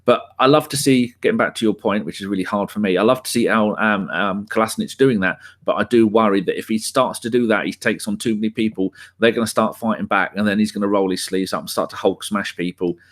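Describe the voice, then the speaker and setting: A man's voice: lowish voice, fast talker, few pauses. A man on a fan podcast chatting casually about football, rambling with frequent restarts. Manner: rambling, full of restarts and fillers. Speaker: podcast co-host.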